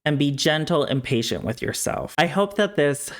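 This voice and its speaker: Calm man explaining voice training. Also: fairly high pitch, normal speed. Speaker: speech-language pathologist. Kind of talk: educational explainer to camera.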